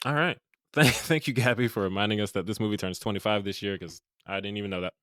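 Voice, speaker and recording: A man's voice: on the low side, fairly bright tone, dry recording, studio quality. A man hosting a movie podcast, chatting casually and joking with his co-hosts. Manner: fast, joking, laughs often. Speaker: podcast host. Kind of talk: casual chat.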